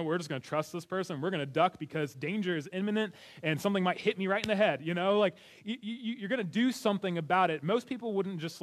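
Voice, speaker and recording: Earnest, chatty male preacher. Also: a little high. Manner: conversational, earnest, with restarts and light laughs. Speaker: pastor. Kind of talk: sermon.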